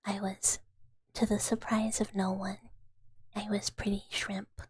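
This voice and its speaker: A woman from the American South, chatting in a whispered ASMR live stream. She whispers softly and rambles, with many fillers. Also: mid-range voice, flat delivery, measured pace, husky. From Southern United States.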